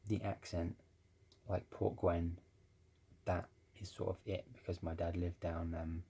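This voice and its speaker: Deep, gravelly man rambling casually. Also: level tone, unhurried, warm tone. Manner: rambling, with many restarts and swearing. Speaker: ex-Jehovah's Witness vlogger.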